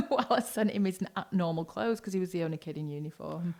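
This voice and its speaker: A woman's voice: on the low side, quick pace, darkish tone. A middle-aged woman, co-hosting a casual podcast. She laughs easily, swears and readily agrees with her co-host. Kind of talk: casual chat.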